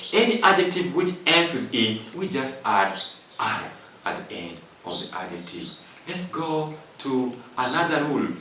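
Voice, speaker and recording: A man's voice: medium pitch, sharp tone, slight background noise. A man teaching an English grammar lesson, going step by step through rules and repeating them with examples. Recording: echoey room from far off.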